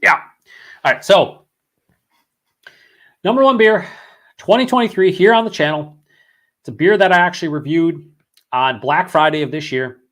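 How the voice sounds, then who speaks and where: A man's voice: on the high side, normal speed, long pauses, a bit bright. Profane, rambling man hosting a beer stream. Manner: profane, rambling, reads chat comments aloud. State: voice worn after hours of streaming. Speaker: beer vlog host. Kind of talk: casual live-stream chat.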